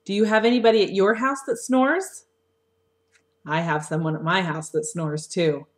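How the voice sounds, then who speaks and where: A woman teacher talking a young class through a story lesson, asking gentle questions, recorded on a webcam microphone. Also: mid-range voice, steady tone. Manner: slow, coaxing questions to children. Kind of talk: read-aloud lesson for young children.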